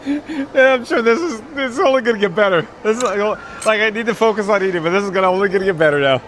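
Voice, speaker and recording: Brief: man, fairly high voice, live stream host, giggly and rambling, faint outdoor noise behind. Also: animated, a little fast, a bit bright. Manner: laughing helplessly, giddy and rambling. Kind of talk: casual live stream chat. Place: outdoors at a theme park.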